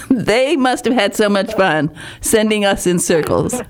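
A woman's voice: mid-range voice, expressive, measured pace. A woman host who gushes about her guest, often stumbling and restarting her sentences. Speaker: podcast host. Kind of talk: warm chatty interview.

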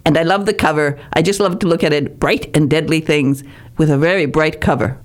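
A podcast host with a deep voice speaks briskly in a warm, chatty interview, gushing about her guest. She often stumbles and restarts her sentences.

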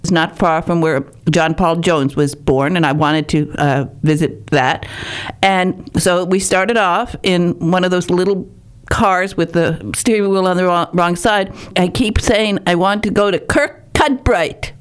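A woman's voice: on the low side, fairly even intonation, a little slow, smooth. A woman host who gushes about her guest, often stumbling and restarting her sentences. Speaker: podcast host. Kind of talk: warm chatty interview.

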